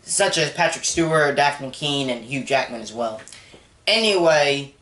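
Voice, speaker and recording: A young man giving a casual, rambling movie review, excitable and full of restarts. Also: mid-range voice, measured pace. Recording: roomy echo.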